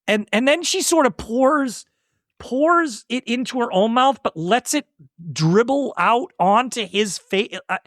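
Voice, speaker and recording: Expressive man with a lively, swooping voice. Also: very high-pitched, measured pace, no room sound, studio quality. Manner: expressive, recaps scenes with swooping emphasis. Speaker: podcast co-host. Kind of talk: casual movie chat.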